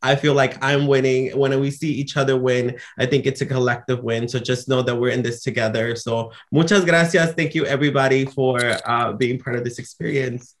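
A man's voice: medium pitch, steady tone, a little fast, hardly any pauses. Man, ceremony presenter, effusive, lots of fillers, video call. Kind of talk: ceremony announcement.

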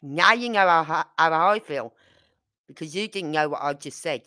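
A woman's voice: low-pitched, moderate pace. A woman, chatting casually on a livestream and acting out the dialogue in her stories. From Birmingham, England. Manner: animated storyteller acting out dialogue. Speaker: livestream host. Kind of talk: casual live chat.

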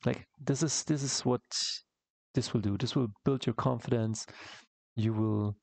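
Brief: man, slow gravelly delivery, casual comic-art tutorial voice-over, dry close mic. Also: mid-range voice, steady tone, darkish tone, no room sound. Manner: rambling, halting, many fillers and restarts. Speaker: comic artist teaching.

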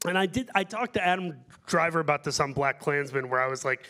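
A man's voice: medium pitch, fast, sharp tone. Joking man on a panel. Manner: joking, rambling, self-deprecating. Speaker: actor on a panel. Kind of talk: festival Q&A answers.

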